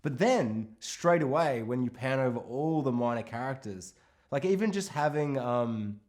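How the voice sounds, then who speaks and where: A man's voice: medium pitch, moderate pace. A man co-hosting a podcast, chatting casually about a film, swearing freely and slipping into voices for the characters. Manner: animated, swearing, acts out characters in quotes. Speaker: podcast co-host.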